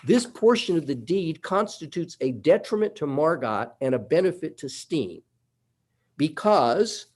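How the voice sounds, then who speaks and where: A man's voice: on the high side, darkish tone. A man arguing a summary judgment motion before a judge in a courtroom, methodical and emphatic as he walks through legal points. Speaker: attorney.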